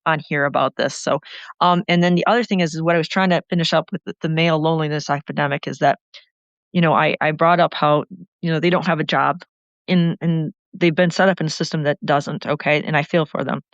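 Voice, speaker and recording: A woman's voice: low-pitched, fairly even intonation, no room sound. Passionate rambling woman, lo-fi sound. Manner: passionate, rambling, fast-talking. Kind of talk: impassioned political talk. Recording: dull lo-fi sound.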